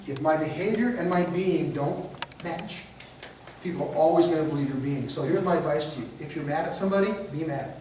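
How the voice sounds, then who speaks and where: Lecturing with animation in a slightly high, somewhat mellow voice at a fairly quick pace, a man runs a de-escalation training class and mimics examples in mocking voices. He's recorded from far off in an echoey room, with a little background noise.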